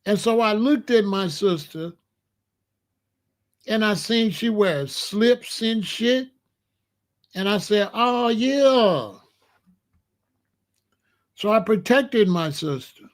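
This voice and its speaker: This man in his late sixties, a show host, speaks in a high, animated voice at a measured pace. He tells family stories in a casual, streetwise, boastful monologue full of slang.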